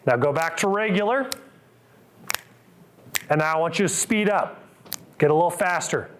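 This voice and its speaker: A man's voice: on the high side, normal speed, background noise. A middle-aged man, a physical therapist, coaching a live group through exercises with upbeat cues and counts.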